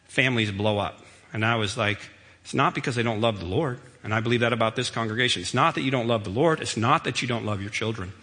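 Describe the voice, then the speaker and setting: A man's voice: medium pitch, pushed and bright. A middle-aged man giving a sermon to a congregation, telling family stories in a conversational, emphatic way. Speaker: preacher. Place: church sanctuary. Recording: long reverb of a church hall.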